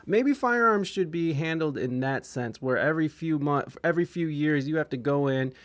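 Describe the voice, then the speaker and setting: A man with a slightly raised pitch hosts a loose podcast conversation, rambling and swearing freely, often restarting his sentences. He is from Ohio, and his voice sounds close and dry with no room around it. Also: normal speed, no echo. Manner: profane, rambling, stammers and restarts. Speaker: podcast host. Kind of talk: casual podcast chat.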